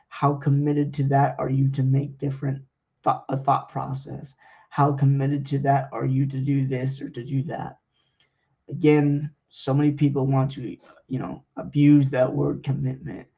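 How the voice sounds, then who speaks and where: A man's voice: medium pitch, vocal fry, muffled recording. A man, a coach hosting a radio show, giving a rambling motivational monologue full of fillers and restarts, repeating words for stress.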